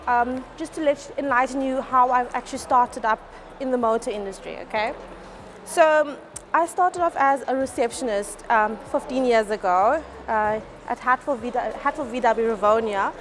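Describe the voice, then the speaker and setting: A woman's voice: on the high side, slight background noise. A woman, a customer relations manager, telling a group how her career started, speaking hesitantly with many ums and restarts. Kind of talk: workplace career talk. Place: car dealership indoors.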